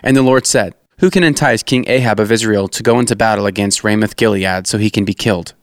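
A steadfast prophet speaking with grave, firm conviction, as a man voices him in a reading. His tone is low-pitched and dry, close to the mic. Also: fast, no echo, close to an everyday voice. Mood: solemn. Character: steadfast, defiant male prophet.

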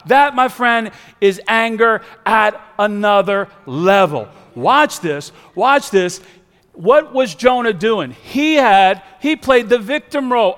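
A male pastor preaching a sermon, emphatic and repetitive, swinging from loud to hushed. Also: very high voice, expressive, slow, smooth, long reverb tail. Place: large church serving several sites.

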